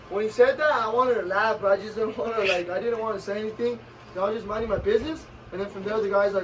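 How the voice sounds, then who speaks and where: A man's voice: high-pitched, fast talker, far from the mic, background noise. A man vlogger casually retelling a story, switching back and forth between English and Spanish.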